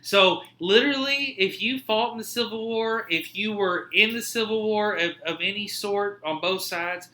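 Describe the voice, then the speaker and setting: Man hosting a podcast, rambling jokey storyteller, very bright voice, echoey room. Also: high voice, normal speed, few pauses. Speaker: podcast host. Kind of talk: casual podcast chat.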